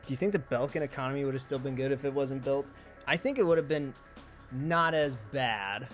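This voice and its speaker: A man streaming a flight game live, joking, greeting viewers and reacting excitedly as he plays. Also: medium pitch, quick pace. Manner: joking, excitable, talks to chat. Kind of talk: casual live game commentary. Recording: game music playing behind.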